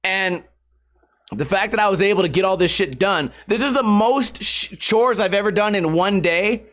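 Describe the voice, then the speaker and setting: Young dude, pretty high voice, cussing and rambling on his solo podcast. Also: moderate pace. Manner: rambling, profane, animated storytelling. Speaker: podcast host. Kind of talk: casual solo podcast monologue.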